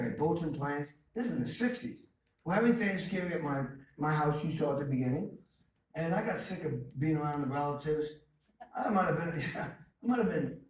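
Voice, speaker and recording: Heard distantly in an echoey college lecture hall with faint noise, a man whose voice runs on the high side with a darkish tone gives an emphatic motivational talk as a guest speaker. He fills it with stories and repeated phrases.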